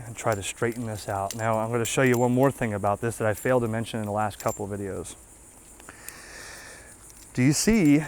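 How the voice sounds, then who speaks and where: Folksy man demoing gear outdoors. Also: mid-range voice. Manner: folksy, talks to viewers with frequent "okay?". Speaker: ham radio channel host. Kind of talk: casual hands-on product demo.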